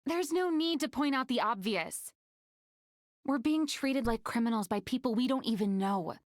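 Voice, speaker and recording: A woman voicing a weary, sharp-tongued young heroine who speaks bluntly. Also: on the high side, animated, moderate pace, no echo, clean studio sound, natural voice. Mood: irritated. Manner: blunt, irritated.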